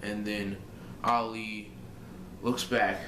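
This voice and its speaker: A man's voice: lowish voice, little pitch movement, very slow, sharp tone, slight background noise. A young man vlogging casually, rambling through a story with lots of fillers and restarts. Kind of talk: casual fantasy-booking monologue. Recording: echoey room.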